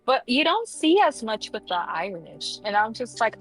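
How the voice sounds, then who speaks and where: A woman's voice: on the high side, very animated, normal speed, fairly bright tone, faint music behind, poor audio. A woman guest on a casual livestream chat who rambles with lots of filler words and swears casually. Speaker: guest streamer.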